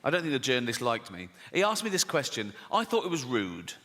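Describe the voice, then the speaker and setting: A man performing a stand-up routine, chatty and profane, putting on quick voices for the people in his stories. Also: mid-range voice, big pitch swings, a little hiss or hum. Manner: conversational, swearing, acts out characters. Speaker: stand-up comedian. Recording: live stage mic in a large hall with loud audience ambience.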